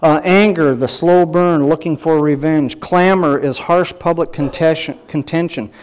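A man's voice: a little high, a little slow, clean tone. A man preaching a sermon as a pastor and counselor, emphatic, with repeated phrases and rhetorical questions.

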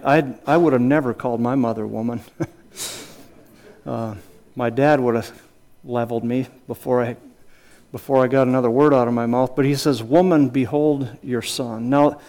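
A darkish, medium-pitched voice belongs to a middle-aged pastor preaching with earnest, teacherly intent. He asks rhetorical questions, quotes scripture, restarts himself frequently and slips in small chuckling asides.

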